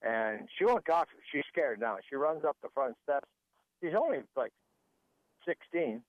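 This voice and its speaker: A man's voice: fairly high pitch, sing-song, a little slow, no echo. Male guest author on a phone line, rambling anecdotal storyteller, very dry sound. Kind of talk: storytelling interview.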